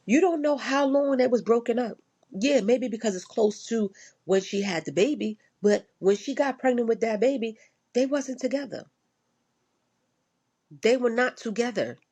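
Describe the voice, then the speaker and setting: Blunt, profane woman venting, husky. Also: a little high, normal speed, mellow. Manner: blunt and profane, repeats herself for emphasis. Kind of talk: casual rant.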